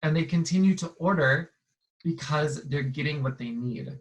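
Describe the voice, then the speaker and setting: A man, a guest, telling a story in a casual chat in a relaxed way. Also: a little high, moderate pace, low-quality recording.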